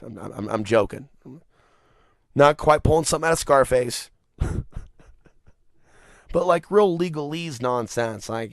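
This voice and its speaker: A man's voice: medium pitch, moderate pace, pauses often, no echo, clean studio sound. Man ranting on his podcast. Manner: rambling, animated, swears and laughs. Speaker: podcast host. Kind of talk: casual monologue rant.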